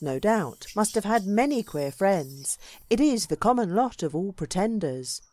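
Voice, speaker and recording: A woman reading a classic book aloud as an audiobook narrator, measured and expressive, with varied emphasis. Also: mid-range voice, no room sound. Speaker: audiobook reader.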